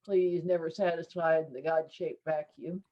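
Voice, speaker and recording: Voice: medium pitch, fairly even intonation, normal speed, highs cut off. A writing group member talking casually and with self-deprecating humor about disliking prompts. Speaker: workshop participant. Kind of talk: casual chat.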